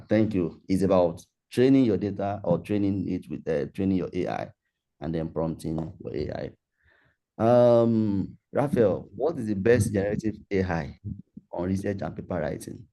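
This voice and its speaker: A man's voice: sits low, warm tone. A man leading an online workshop and taking questions, talking in a loose, conversational way over a video call. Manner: conversational, repetitive, loose phrasing. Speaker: workshop facilitator.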